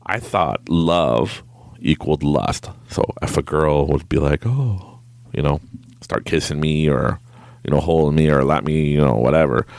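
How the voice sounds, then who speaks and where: A young adult man hosting a podcast, telling a personal story in casual chat, animated and laughing often as he acts out what people said. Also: very deep voice, gravelly, dry recording, studio quality. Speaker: podcast host.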